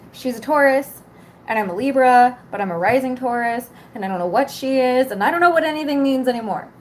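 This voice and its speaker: A woman's voice: high voice, animated, a little fast, slight background noise. A young woman vlogger ranting casually to camera, exasperated, swearing and rambling.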